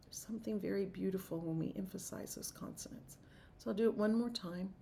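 A woman teaching as a Sufi teacher and leading a slow, intoned group chanting practice. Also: medium pitch, vocal fry, a little hiss or hum. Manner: slow, soft-spoken, drawn-out intoned chanting.

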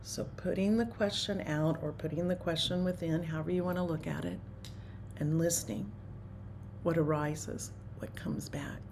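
Low, gravelly-voiced woman teacher. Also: steady tone, background noise. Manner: unhurried, musing, often trails into a hushed near-whisper. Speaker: spiritual teacher. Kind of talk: meditative spiritual talk.

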